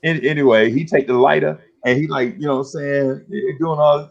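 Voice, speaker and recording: A man's voice: fairly high pitch, moderate pace, creaky, hardly any pauses, muffled recording. A middle-aged man telling street stories in casual chat, full of slang and acting out the voices of old friends. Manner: streetwise slang, animated storytelling, acts out dialogue. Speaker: podcast host.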